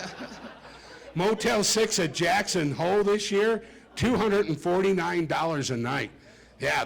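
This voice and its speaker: A man's voice: a little high, creaky, a bit bright. A middle-aged man doing a stand-up comedy set, chatty and self-mocking as he talks to the audience. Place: club stage with a live audience.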